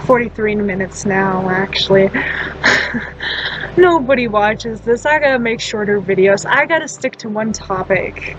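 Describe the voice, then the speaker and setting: A woman's voice: mid-range voice, measured pace, dull audio, background noise. A woman talking casually in a storytime vlog, blunt and profane, rambling with frequent laughs and restarts. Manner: loose, chatty delivery with many fillers and restarts. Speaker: storytime vlogger.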